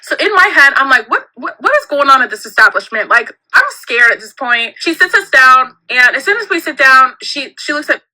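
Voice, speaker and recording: High, bright-voiced woman telling a story. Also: brisk, few pauses, poor audio. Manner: animated, giggly, acts out quotes.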